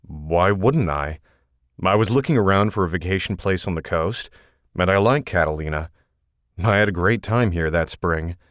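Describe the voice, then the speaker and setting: A guarded grown man, answering evenly and without fuss, as a male audiobook narrator puts him on. His voice is deep and low, and the recording is close and dry. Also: moderate pace, no room sound. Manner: even, matter-of-fact. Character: calm, guarded adult male investigator.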